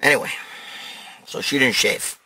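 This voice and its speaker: A man's voice: a little slow, sharp tone. A middle-aged man hosting a show, ranting and telling stories in a brash, profane, blunt way. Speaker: host. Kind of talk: profane monologue rant and storytelling.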